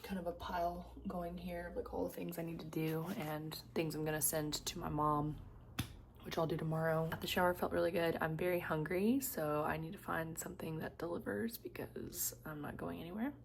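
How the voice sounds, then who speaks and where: A woman hiker chatting casually to her phone camera, gushing and often dropping into a hushed half-whisper. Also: deep voice, steady tone, normal speed, vocal fry, a little hiss or hum. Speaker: long-distance hiker vlogging. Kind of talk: casual vlog chat.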